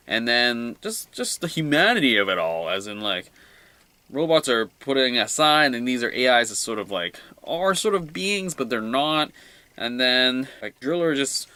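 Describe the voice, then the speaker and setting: A young man talks through his weekly comic picks in a loose, rambling way, excitable one moment and trailing off quietly the next. His voice is bright and forward. The sound is dry and close, with no room around it. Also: medium pitch, no echo. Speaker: comic book reviewer. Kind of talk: casual solo review vlog.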